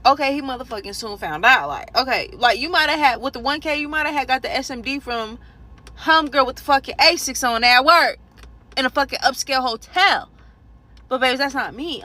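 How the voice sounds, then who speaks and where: Woman ranting a wild storytime into her phone in a parked car, high-pitched and sharp, dramatic and profane. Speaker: storyteller vlogger. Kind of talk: casual storytime rant. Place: parked car in a parking garage.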